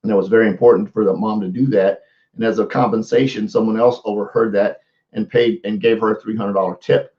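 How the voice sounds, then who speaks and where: A man with a fairly low voice gives casual coaching tips on a live stream. He repeats words and restarts his sentences as he talks. The sound is dull and lo-fi. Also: steady tone, a little fast. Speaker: motivational coach. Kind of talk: live social media talk.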